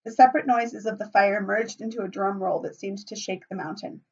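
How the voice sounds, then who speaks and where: A woman teacher reading a novel aloud to her students, with measured, explanatory asides. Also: mid-range voice, fairly even intonation, vocal fry, breathy edge. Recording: muffled, from a distance.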